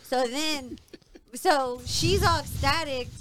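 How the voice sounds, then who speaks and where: A woman's voice: a little high, normal speed, a little hiss or hum. A young adult woman telling a story in casual chat, acting out the quotes of other people with a shifting voice. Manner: animated, acts out quotes with shifting voice. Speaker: podcast co-host telling a story.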